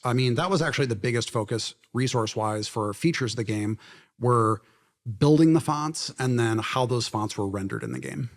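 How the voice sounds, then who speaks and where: A man's voice: medium pitch, normal speed. Laid-back man explaining game design. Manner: relaxed, explanatory, laughs often. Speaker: game director, interview guest. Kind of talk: conversational interview. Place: university library event.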